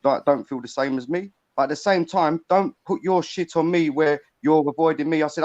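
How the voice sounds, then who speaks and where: A man rattles along at a fast clip in a blunt, swearing livestream chat. His voice comes over a dull, lo-fi online call with a dry, close sound. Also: fairly high pitch, darkish tone, dry recording. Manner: blunt, swears freely, talks fast in bursts. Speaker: panel guest. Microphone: video call.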